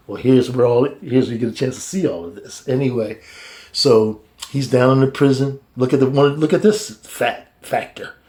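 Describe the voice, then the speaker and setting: A man teaching a casual Bible study in a colloquial, halting way, with many restarts and chuckles between points. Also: mid-range voice, dark tone.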